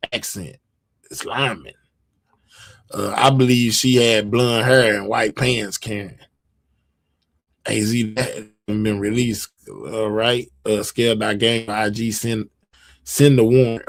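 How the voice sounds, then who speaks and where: A man's voice: lowish voice, steady tone, measured pace, long pauses, no echo, clean studio sound. A man hosting a live stream, chatting casually and reading out viewer comments, rambling with many fillers and restarts. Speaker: livestream host.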